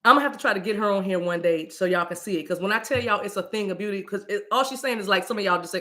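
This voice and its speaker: A woman hosting a spiritual live stream in casual talk, animated and playful, breaking into chant-like sounds. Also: mid-range voice, fast.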